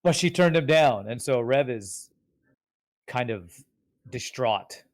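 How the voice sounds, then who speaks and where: A man's voice: medium pitch, lively intonation, slow, no echo. Thoughtful male tabletop player. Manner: thoughtful, explaining his character's choices. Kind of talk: casual tabletop game chat.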